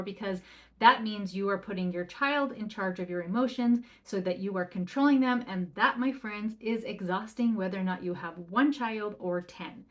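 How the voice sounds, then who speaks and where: A woman in her thirties talks straight to her listeners in a relaxed podcast monologue, with her pitch in the middle range for a woman. She keeps asking them rhetorical questions and briefly acts out the voices of parents and kids. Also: normal speed. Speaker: parenting coach and podcast host. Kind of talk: casual solo podcast talk.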